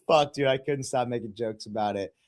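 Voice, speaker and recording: A man's voice: medium pitch, dry recording, clean studio sound. A man hosting a podcast, telling crude stories in casual chat and laughing at his own jokes. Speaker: podcast host.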